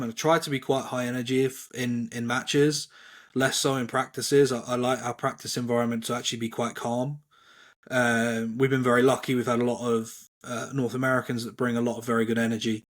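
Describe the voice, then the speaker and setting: A man, a volleyball coach being interviewed, speaking in a measured, calm way. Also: mid-range voice. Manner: measured, calm, even-toned. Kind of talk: reflective interview answers.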